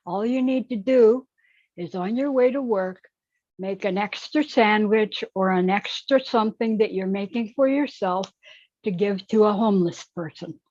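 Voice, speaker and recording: A woman's voice: medium pitch, moderate pace, darkish tone, dry recording, lo-fi sound. A woman speaking bluntly and outspokenly as a panelist on an online call. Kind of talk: opinionated remarks.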